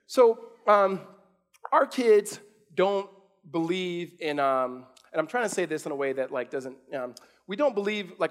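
A high-pitched man in his thirties preaches a sermon as if chatting with friends. He circles back, restarts his sentences and leans on fillers while he tells family stories. His voice rises and gets louder as he drives his point home. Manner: casual storytelling with many restarts and fillers. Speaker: pastor.

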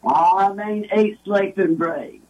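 A woman's voice: medium pitch, takes it slowly, darkish tone, muffled recording. An older woman, a guest telling rambling, folksy stories in casual talk. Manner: rambling, folksy, lots of restarts. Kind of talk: casual storytelling.

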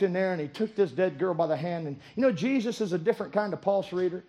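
A man preaching a sermon, moving between low storytelling and shouted exhortation. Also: fast talker, few pauses, slight background noise.

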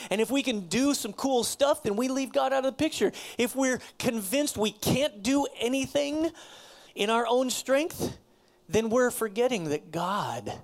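A man preaching a sermon with emphasis, often dropping his voice to a near whisper. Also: extremely high pitch. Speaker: pastor.

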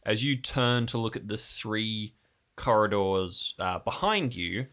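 A man's voice: on the low side, slow, a bit bright. A young man narrating a tabletop game as game master, describing scenes in a suspenseful storytelling manner.

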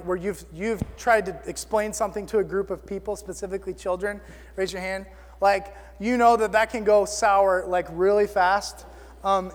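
A man preaching a sermon in an animated, excitable way, full of casual fillers. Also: high-pitched. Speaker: pastor. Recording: long reverb of a hall.

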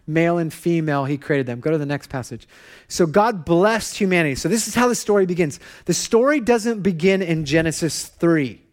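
A man preaching as pastor, telling a family story with laughs and soft, quiet asides, in a church hall. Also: a little high. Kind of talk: sermon.

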